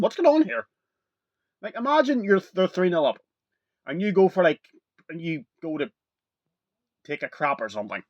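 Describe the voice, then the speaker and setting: A young man talking casually to camera as a video reviewer, rambling and excitable, full of "like" and "literally". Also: a little high, no echo, muffled recording.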